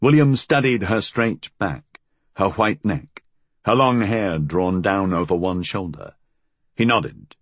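Deep-voiced male audiobook narrator. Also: breathy edge, dry recording. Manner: measured, expressive storytelling.

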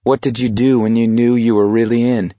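A man reading a hard-edged teenage boy who talks bluntly and wryly to steady his friend. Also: mid-range voice, brisk, dry recording, highs cut off, close to an everyday voice. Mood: soft. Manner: blunt, coaxing, sardonic.

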